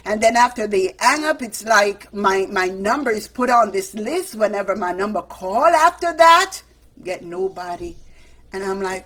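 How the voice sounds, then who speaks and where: A middle-aged woman chats casually on her own livestream, and her voice sits at an ordinary middle pitch. She tells stories and acts out what she and other people said. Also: lively intonation, moderate pace, fairly bright tone. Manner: chatty storytelling, acts out her own and others' quoted lines. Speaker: livestream host.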